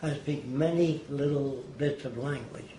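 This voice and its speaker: An elderly man recounts stories with emphasis, slipping into the voices of those he quotes. His pitch sits in the middle range. The room around him is echoey, with a faint background hiss. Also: a little slow. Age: older. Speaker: interviewee. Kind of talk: anecdotal storytelling. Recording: roomy echo, faint noise.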